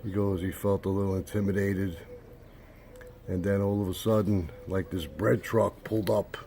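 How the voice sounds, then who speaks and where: Gravelly older New man telling a story. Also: low voice, steady tone, normal speed, dark tone, a little hiss or hum. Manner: rambling, many fillers and restarts. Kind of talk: casual personal anecdote.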